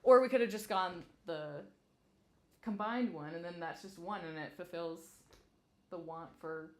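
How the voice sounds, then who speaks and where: A young woman with a lowish voice speaks a little slowly while hosting her channel's casual chat. She is hesitant and giggly, laughing often and filling her speech with fillers.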